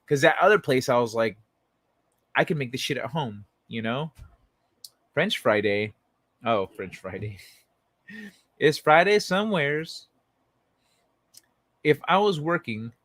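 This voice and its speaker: A man's voice: on the high side, a little slow, long pauses, fairly bright tone, dry recording. A man hosting a late-night livestream from his bed, chatting loosely with viewers and reading their messages aloud. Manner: rambling, laid-back, talks to chat by name. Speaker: livestream host reading chat. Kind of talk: late-night casual chat. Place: at home in bed.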